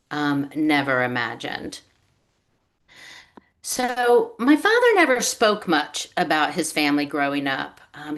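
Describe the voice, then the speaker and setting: Brief: woman author with a low voice, on a video call, storytelling delivery. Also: a bit bright. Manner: storytelling, acts out quoted relatives. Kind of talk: reading prepared remarks on a video call.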